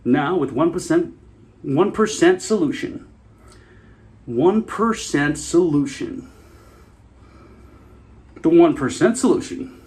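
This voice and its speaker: A man putting on a loud, over-the-top infomercial announcer who pitches high above his normal voice and stretches every slow, booming word. He sells hard and never lets up. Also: expressive. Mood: hyped. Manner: booming, drawn-out sales pitch. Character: overblown male TV infomercial announcer.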